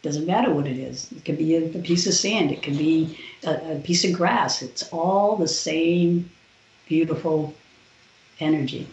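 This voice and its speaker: A woman, a podcast guest, telling a personal story in an animated way and acting out the other people's lines. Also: sits low, measured pace. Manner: animated retelling with quoted voices. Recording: roomy, dull lo-fi sound.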